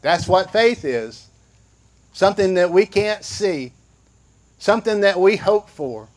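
Older man preaching slowly, high voice, folksy sermon style. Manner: folksy, conversational preaching with acted-out quotes; slow and drawn out. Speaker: pastor.

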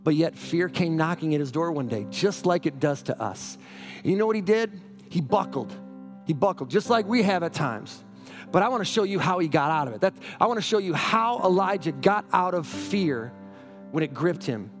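A middle-aged male pastor preaching a sermon, energetic and often asking the congregation questions. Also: fairly high pitch, moderate pace, faint music behind.

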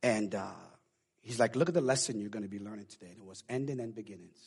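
Husky-voiced preaching pastor. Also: male voice, lowish voice, quick pace. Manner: emotional, swings from hushed confiding to loud preaching. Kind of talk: sermon. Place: church.

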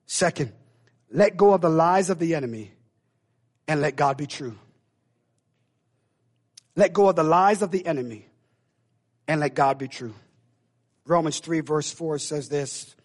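A man preaching a sermon to a church, lively and dramatic, acting out the voices of the figures in his story and rising at times to a shout. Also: on the high side, normal speed, long pauses. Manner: animated, acts out biblical voices, builds to shouts. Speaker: pastor.

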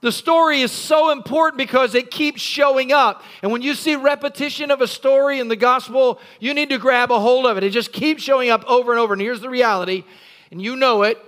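Male pastor, very high and bright voice, animated storytelling sermon with shouted bits. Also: brisk, smooth. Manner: animated storytelling preacher, acts out scenes and shouts. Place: church.

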